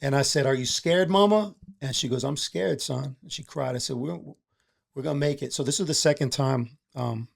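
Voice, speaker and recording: A man's voice: mid-range voice, a little fast, gravelly. A middle-aged man, candidly telling a personal story in a casual podcast chat, streetwise and emotional. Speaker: podcast guest, entrepreneur.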